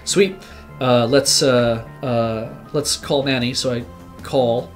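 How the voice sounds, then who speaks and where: A man's voice: mid-range voice, slow, faint music behind. A man, a regular on the show, telling a long rambling story in casual chat, swearing and acting out what he said at the time. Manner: rambling, animated, swears, acts out his own quotes. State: sick.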